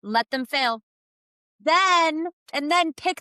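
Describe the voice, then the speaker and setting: Bright-voiced woman telling animated stories. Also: fairly high pitch, moderate pace, no echo. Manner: animated storytelling, acting out her own quotes. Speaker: guest, founder of a kids' business program. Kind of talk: podcast conversation.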